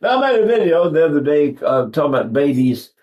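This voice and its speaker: A man's voice: a little high, big pitch swings, fast talker, darkish tone. A man in his eighties giving an informal singing lesson, rambling and digressive, often breaking off to demonstrate vocal sounds. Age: 80s. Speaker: voice teacher.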